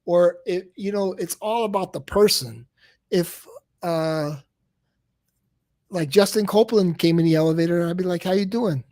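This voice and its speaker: A man's voice: sits high, normal speed, a little mellow, no echo, studio quality. A man chatting casually on a late-night live stream, rambling and exasperated, often stammering and repeating his words. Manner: exasperated, keeps saying "come on, man".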